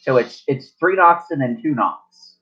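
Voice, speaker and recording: A man's voice: medium pitch, unhurried. Guy running a tabletop game, rambly, keeps correcting himself, dull lo-fi sound. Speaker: game master. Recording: lo-fi recording.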